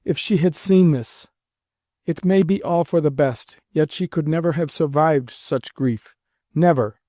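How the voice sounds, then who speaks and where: A man's voice: mid-range voice, moderate pace, warm tone, no echo, clean studio sound, natural voice. A man voicing a proud, stern old grandmother who scolds her grandson with emphatic, imperious words. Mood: grieving.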